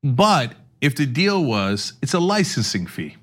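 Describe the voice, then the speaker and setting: A man's voice: mid-range voice, sing-song, measured pace. A male podcast host in casual political chat, explaining at length with sarcastic asides. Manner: explanatory, sarcastic, acts out quoted speech.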